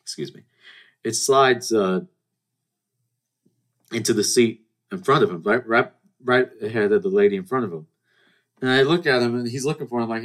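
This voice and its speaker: In his twenties, this podcast host rambles through a casual storytelling monologue, often restarting and acting out dialogue. His medium-pitched voice is animated and fairly quick.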